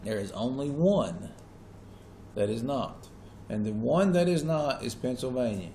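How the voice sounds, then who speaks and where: A man's voice: medium pitch, animated, unhurried, mellow, slight background noise. A male teacher lecturing a classroom in a casual way and often checking that the students are following.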